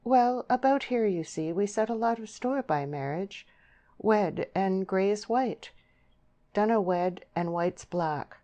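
A tender, proud young countrywoman with rustic dialect speech, pitched well above the reader's own low voice, as a woman reads her part. She pleads earnestly and sounds torn, with a lifted, brighter tone. Storybook audiobook delivery. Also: takes it slowly, highs cut off, natural voice. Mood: pleading.

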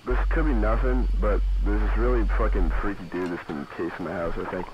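A man plays a scared young caller on the phone to police, who stumbles over his words and swears constantly. His voice sits low. The audio is dull and lo-fi, with clear background noise. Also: close to an everyday voice. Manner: swears heavily, halting, anxious.

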